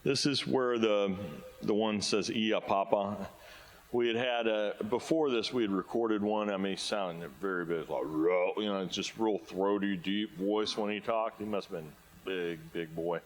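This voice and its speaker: A man's voice: fairly low pitch, steady tone, unhurried, poor audio. A man presenting at a conference, telling rambling, self-deprecating stories in a casual way. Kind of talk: casual storytelling talk. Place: conference hall.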